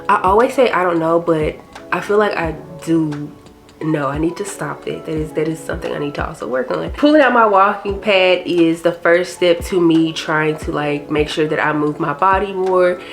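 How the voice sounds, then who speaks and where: Young woman vlogger, low voice, rambling and candid, casual slang. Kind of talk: chatty personal vlog talk.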